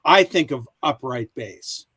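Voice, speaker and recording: Slow-talking, thoughtful man. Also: medium pitch, lively intonation, pushed and bright, husky, dry recording. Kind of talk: casual live-stream chat.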